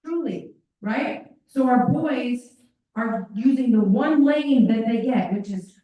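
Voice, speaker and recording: A woman's voice: fairly high pitch, animated, slow, warm tone. A woman presenting at a parent workshop, talking animatedly and acting out children's voices. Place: school meeting room. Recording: echoey room from far off.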